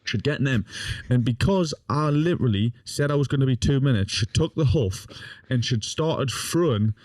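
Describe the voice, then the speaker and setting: A man's voice: mid-range voice, lively intonation, normal speed, a little mellow, no echo, studio quality. A young man, a podcast guest, telling a funny story in casual talk, swearing often and laughing as he goes. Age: young adult.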